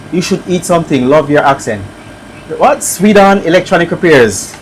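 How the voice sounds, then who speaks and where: A man with a Jamaican accent chatting casually on a live stream as he works on a repair, reading viewer comments aloud and thinking out loud. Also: a little high, lively intonation, normal speed, a little hiss or hum, poor audio. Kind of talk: casual live-stream chat while working.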